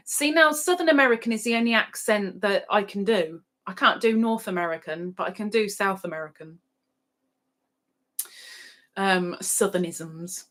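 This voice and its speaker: A woman's voice: medium pitch, a little slow, a bit bright. A middle-aged woman hosting a livestream, casually chatting and reading out viewer comments with giggles. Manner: chatty, giggly, sings playfully. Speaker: livestream host.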